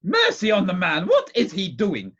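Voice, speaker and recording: A man reading aloud and voicing a stern, impatient elderly aunt who fires off curt, sharp questions, in a dull lo-fi recording. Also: high voice, wildly swooping pitch, a little slow, breathy edge, voice pushed up, exaggerated voice.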